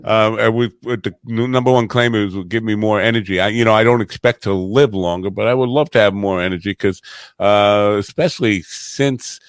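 Man with a very deep voice. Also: smooth, dry recording. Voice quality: very deep low voice. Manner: easygoing, laughs often, halting with fillers. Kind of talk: casual chat.

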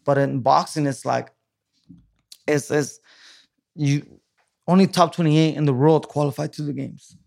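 A man's voice: on the high side, steady tone, unhurried, creaky, pauses often, a little mellow. A man in his thirties from California, a guest telling his story casually in an interview, rambling with many restarts and fillers.

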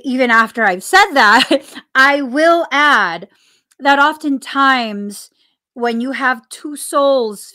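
Hosting a laid-back spiritual podcast, a woman speaks earnestly in a bright, forceful voice on the high side. She repeats phrases to stress them, and coffee sips can be heard between her remarks.

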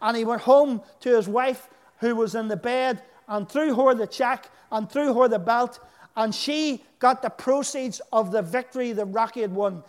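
A man's voice: very high-pitched, normal speed. A man with a Northern Irish accent preaching a sermon, telling stories with emphatic delivery. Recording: echoey hall.

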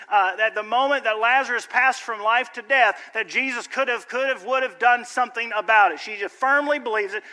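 A man's voice: very high-pitched, sharp tone. A pastor preaching a sermon to his church, conversational and joking, then building to emphatic appeals. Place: church sanctuary. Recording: long church hall reverb.

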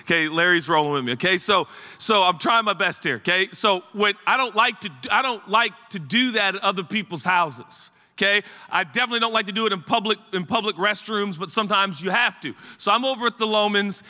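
A man's voice: sits high, brisk. A middle-aged man, a pastor, telling a rambling, funny story in a sermon to his congregation. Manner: animated and chatty, rambling asides to the congregation. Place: church sanctuary. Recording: long hall reverb.

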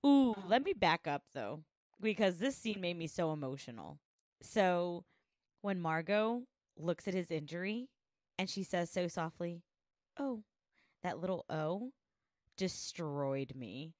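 A woman's voice: lowish voice, lively intonation, unhurried, a little mellow, no room sound, studio quality. A woman co-hosting a podcast, talking casually and openly about a show, swearing freely. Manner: frank and emotional, swears freely. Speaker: podcast co-host. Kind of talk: casual chat recapping a show.

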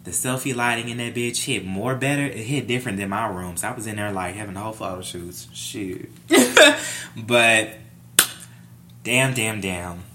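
A young adult man vlogging a casual storytime, animated and profane, playing up every scene. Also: on the low side, moderate pace, crowd noise.

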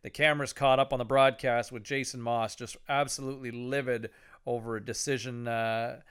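A man co-hosting a sports podcast in casual chat, conversational and quick to laugh. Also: mid-range voice, level tone, a bit bright, clean tone. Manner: laughing, conversational, sets up topics. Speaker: podcast co-host.

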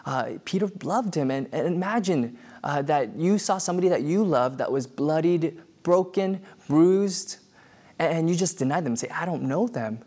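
A man's voice: on the high side, expressive, normal speed, a little mellow. A man preaching a sermon in a conversational way, with many fillers and restarts. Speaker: pastor.

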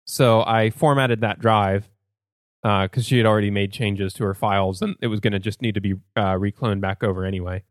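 A man's voice: lowish voice, fairly even intonation, a little fast, no room sound, clean studio sound. A man hosting a casual tech podcast, rambling a little with fillers and restarts. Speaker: podcast host.

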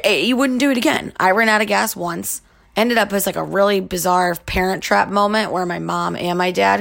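A woman's voice: lowish voice, gravelly. A young woman hosting a podcast, telling a candid story in a chatty way full of likes and you-knows. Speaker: podcast host. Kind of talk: casual storytelling monologue.

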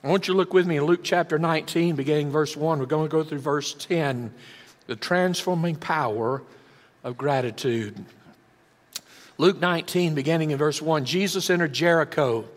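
A man's voice: a little high, normal speed, big-room sound. A man preaching a sermon, dramatic, with big shifts in volume for emphasis. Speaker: pastor.

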